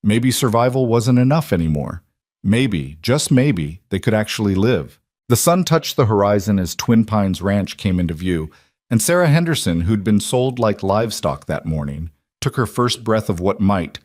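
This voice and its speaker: A man narrating a scripted western story in a measured, dramatic way. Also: lowish voice, lively intonation, darkish tone, no room sound.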